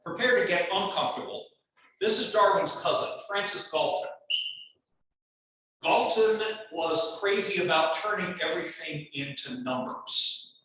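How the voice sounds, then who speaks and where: A man lecturing a class in a loose, chatty way that wanders off topic. His voice is bright and sits a little high. He is picked up from a distance in a very echoey room with faint background noise. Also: moderate pace. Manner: casual, chatty, digressive. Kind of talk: university lecture. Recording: echoey lecture hall, mic far off.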